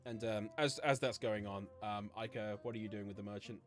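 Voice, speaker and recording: A man runs a tabletop game as game master, narrating in a low voice and rambling through filler words. Faint music plays beneath. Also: fairly even intonation, a little fast.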